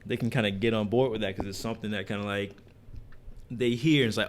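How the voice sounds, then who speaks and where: A man co-hosting a casual chat, explaining things in a calm, easygoing way. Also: lowish voice, fast.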